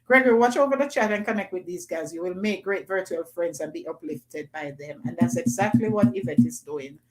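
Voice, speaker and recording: A woman's voice: fairly low pitch, lively intonation, fairly quick. Chatty woman hosting a livestream. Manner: chatty, reads comments aloud, playful patois bits. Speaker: livestream host reading viewer comments. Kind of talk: casual livestream chat.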